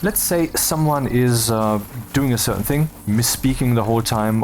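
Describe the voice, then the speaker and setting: A man's voice: medium pitch, normal speed, hardly any pauses, darkish tone, a little hiss or hum. A man talking casually over gameplay, rambling and cutting himself off, with wry asides. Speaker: video creator.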